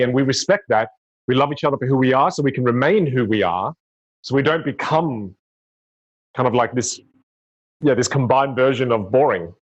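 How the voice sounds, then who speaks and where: A man's voice: mid-range voice, dry recording. A man, a podcast guest, talking earnestly and reflectively in a casual conversation. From Australia. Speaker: guest speaker. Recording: slightly muffled lo-fi audio.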